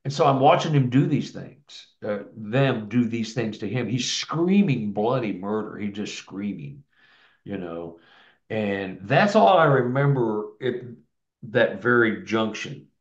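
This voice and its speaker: A guest tells a long personal story in a low, animated voice, speaking a little slowly. He rambles casually, restarting often and repeating words, and the recording sounds echoey, dull, and lo-fi.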